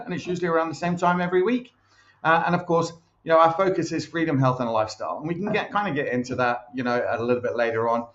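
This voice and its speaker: A man's voice: on the high side, a bit bright. A man hosting a casual personal development show, chatty and full of fillers. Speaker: host. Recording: echoey, dull lo-fi sound.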